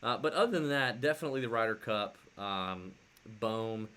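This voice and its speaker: A man co-hosting a casual sports podcast, telling animated stories with lots of fillers and restarts. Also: on the low side, moderate pace, clean tone. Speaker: podcast co-host.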